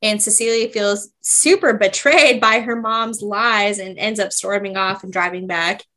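Bright, giggly young woman host. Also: medium pitch, steady tone, a little slow. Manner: giggly, emotive, casual swearing. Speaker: podcast co-host. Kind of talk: casual book recap chat.

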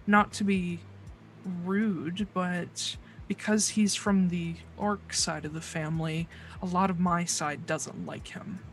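A game master voicing a wary young woman under questioning, answering in halting, hesitant bursts. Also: medium pitch, fairly even intonation, soft background music. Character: wary young half-orc-related woman, guarded clerk.

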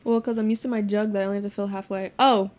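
A teenage girl chatting casually as a podcast co-host, telling stories quickly with lots of swearing and laughter. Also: medium pitch, fairly even intonation, a little mellow. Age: teens. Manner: fast, profane storytelling with laughs. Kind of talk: casual chat.

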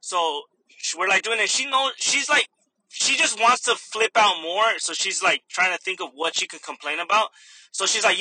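Young man, comedian, casual vlog rant, profane, animated, high bright voice. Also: a little fast, breathy edge, low-quality recording. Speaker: stand-up comedian.

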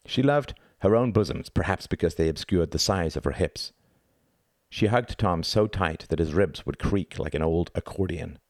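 A man narrating a novel as an audiobook in a measured, expressive reading. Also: low voice, no echo, studio quality.

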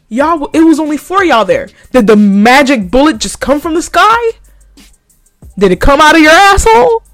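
A woman hosting a podcast, ranting in a profane, mocking way and laughing often. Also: high-pitched. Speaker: podcast host. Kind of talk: ranting commentary.

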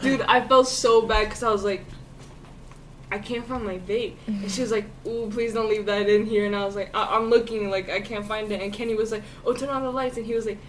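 A young woman hosts a laid-back podcast and tells her stories with lots of animation, breaking into laughter and swearing freely. Her voice sits at an ordinary pitch and comes from a little way off the mic, with faint noise underneath. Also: steady tone, brisk, recorded from a distance. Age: young adult. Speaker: podcast host. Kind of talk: casual chat.

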